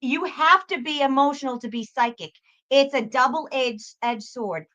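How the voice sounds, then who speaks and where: A woman's voice: high-pitched, a little slow, sharp tone. A woman guest who works as a psychic, talking emphatically in a casual conversation, often repeating words and swearing. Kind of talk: casual chat.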